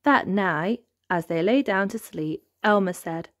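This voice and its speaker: Slow, expressive woman reading a bedtime story. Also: lowish voice, no room sound, studio quality. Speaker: storybook reader. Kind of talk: children's read-aloud narration.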